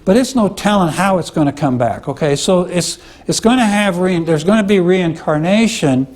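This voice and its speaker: A male teacher giving a conversational classroom lecture, often checking in with "okay?" and "right?" and pausing on "uh". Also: sits high, animated, a little mellow. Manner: explains with frequent "okay?" and "right?" check-ins; conversational, with many "uh" fillers and restarts.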